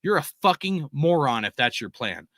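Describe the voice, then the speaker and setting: A young man hosts a live sports podcast, ranting heatedly and swearing constantly as he reads chat messages aloud. His fairly high, slightly bright voice swings widely in pitch at a moderate pace, captured in clean studio sound with no echo.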